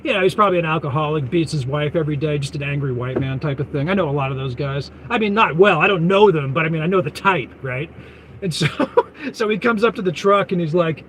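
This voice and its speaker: A truck driver telling rambling, chuckling road stories in casual chat. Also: male voice, on the high side, lively intonation, fast, fairly bright tone, slight background noise, poor audio. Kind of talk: casual storytelling.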